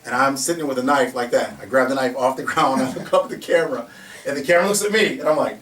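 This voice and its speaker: A man casually telling a story in an animated way, laughing often and acting out the voices in his quotes. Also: medium pitch, quick pace, distant mic. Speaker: security company founder telling a story. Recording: echoey room from off mic, faint ambience.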